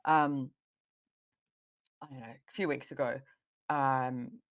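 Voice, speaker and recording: Woman, podcast host, deep voice, animated storyteller, casual chat. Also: slow. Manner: animated storytelling, frequent laughter. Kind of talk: casual conversational interview.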